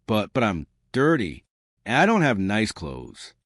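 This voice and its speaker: A man's voice: lowish voice, wildly swooping pitch, measured pace, a bit bright, no echo, clean studio sound, full character voice. A man voicing a frightened homeless six-year-old boy who speaks hesitantly and stammers. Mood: timid.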